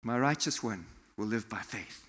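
A man from South Africa preaching a sermon in a church, animated, acting out quotes and laughing often. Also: on the low side, moderate pace. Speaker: pastor. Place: church hall. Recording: long hall reverb.

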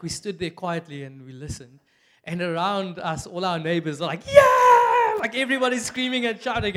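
A high-pitched young man with a South African accent preaches in a loose, joking way. He talks like a friend telling a story, full of "like" and quick asides. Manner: chatty and animated, with many "like" fillers and bursts of laughter. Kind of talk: casual, humorous sermon. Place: church.

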